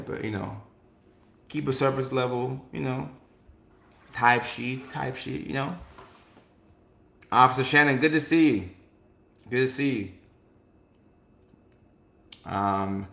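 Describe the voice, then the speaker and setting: A man's voice: mid-range voice, creaky, fairly bright tone. A man hosting a casual talk show, chatting loosely and answering viewers, with lots of "like" and "you know" and frequent restarts. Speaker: host. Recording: echoey room.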